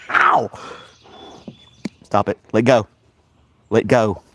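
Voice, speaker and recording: A man's voice: fairly low pitch, steady tone, extremely slow, a bit bright, slight background noise. A man chatting casually as he plays with his dog in a backyard, giving playful commands and chuckling often. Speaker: vlogger and podcast host. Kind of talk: casual chat while playing with his dog. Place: backyard outdoors.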